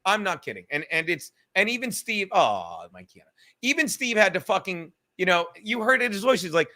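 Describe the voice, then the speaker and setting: High, bright-voiced man ranting profanely. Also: a little fast. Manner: profane, rambling, animated. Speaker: livestream host. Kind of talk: casual livestream rant.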